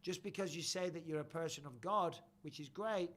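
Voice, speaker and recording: Brief: middle-aged man hosting a live chat, bright and slightly high voice, sweary and lively. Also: brisk. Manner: lively, sweary, blokey banter. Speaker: host. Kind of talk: live chat shout-outs.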